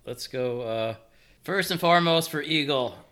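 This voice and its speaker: A man co-hosting a casual golf podcast, laughing easily and loudly protesting his quiz answers. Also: a little high, a little slow. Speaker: podcast co-host and quiz contestant.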